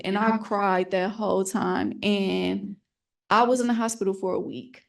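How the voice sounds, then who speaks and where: On a panel, a young adult woman candidly and earnestly tells her personal story, often acting out what people said to her. Her medium-pitched voice is gravelly and steady, and she takes it slowly.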